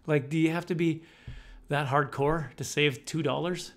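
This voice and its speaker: A middle-aged man doing stand-up comedy, telling stories in an animated, self-deprecating way. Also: a little high, moderate pace.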